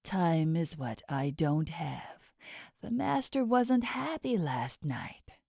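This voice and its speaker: This audiobook character, a menacing inhuman boss with shark teeth, is voiced by a woman in a low, expressive, dark-toned voice that takes its time. He is cold, threatening, and condescending, and the recording is dry with clean studio sound.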